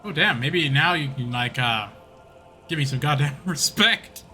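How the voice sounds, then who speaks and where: A man's voice: fairly high pitch, animated, unhurried, sharp tone, faint music behind. A man streaming a game, rambling casually, laughing and mocking himself. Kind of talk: casual gameplay commentary.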